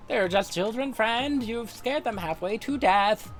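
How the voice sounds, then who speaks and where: A man doing a high, earnest young samurai. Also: lively intonation, measured pace, soft background music. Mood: reproachful. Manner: formal, solemn, high and strained.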